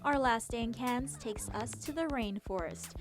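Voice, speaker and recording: A cheerful woman travel reporter with a fairly high voice, narrating and chatting with locals in a bright, curious way. Clear music plays behind her throughout. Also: normal speed. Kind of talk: scripted travel narration and on-location interviewing.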